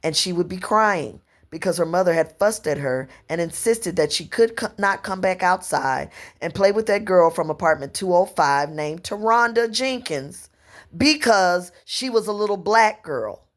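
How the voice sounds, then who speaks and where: A woman in her fifties from Louisiana with a Southern accent, telling long personal stories to camera in an unhurried, rambling way. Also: fairly low pitch, expressive. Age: 50s. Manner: unhurried storytelling, drawn-out phrasing, slips into dialect and quoted voices. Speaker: vlogger.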